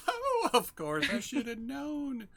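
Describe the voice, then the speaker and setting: Narrating a tabletop game, a male game master voices a chatty, motherly older female innkeeper in a full character voice. His pitch is pushed up very high, a bit bright, with huge swings. The innkeeper is hospitable, friendly and quick to laugh, fumbling over her words.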